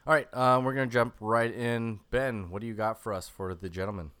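A man hosting a casual podcast chat, talking in a relaxed way with hesitant fillers while steering the conversation. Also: medium pitch, fairly quick, clean tone, no room sound. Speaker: podcast host.

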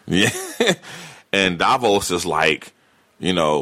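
A man's voice: sits low, expressive, takes it slowly, long pauses, sharp tone. A man from California co-hosting a podcast, chatting loosely and profanely, recapping scenes with playful impressions. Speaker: podcast co-host. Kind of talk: casual chat.

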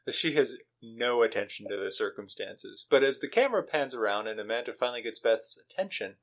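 A man co-hosting a podcast who recaps a film in casual chat, animated and often laughing. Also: medium pitch, brisk. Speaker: podcast co-host.

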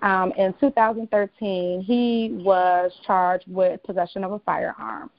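With a mid-range voice, a steady tone and a slightly slow pace, this woman co-hosts a casual podcast in a Southern US accent, with no echo on her voice. She's chatty, frequently laughing and saying "you know" a lot. The recording itself is dull and lo-fi, made at home, with a fan humming.

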